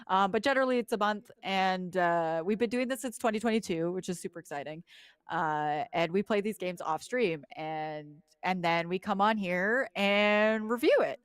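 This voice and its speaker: A woman's voice: mid-range voice, normal speed, clear, resonant tone, no echo. A woman co-hosting a casual game podcast, laughing a lot and swearing offhandedly. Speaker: podcast co-host.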